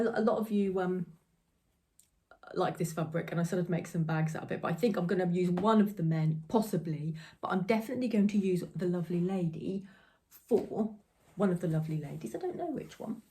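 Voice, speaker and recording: Chatty woman with a mellow voice. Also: on the low side, fairly quick. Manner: chatty, rambling, giggly. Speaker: crafting podcast host. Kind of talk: casual chat. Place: home crafting room.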